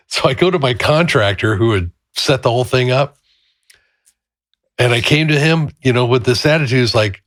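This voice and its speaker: A man's voice: medium pitch, moderate pace. A man with an ordinary mid-range voice tells stories with energy and lots of animation. His podcast sound is dry and close, with no room echo. He talks in an easy, casual way. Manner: animated storyteller, acts out quotes loudly. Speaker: podcast co-host. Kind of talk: casual chat with storytelling.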